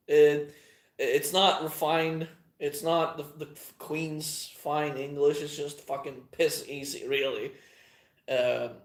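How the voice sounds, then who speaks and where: Man, fairly high voice, meandering profane chat, halting delivery, roomy echo. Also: gravelly. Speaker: channel host. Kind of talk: casual rambling monologue. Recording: echoey room.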